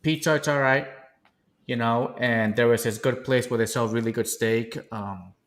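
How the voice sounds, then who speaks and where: A man from Puerto Rico talks in a relaxed, halting way on a casual podcast. His voice sits at an ordinary middle pitch. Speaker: podcast co-host.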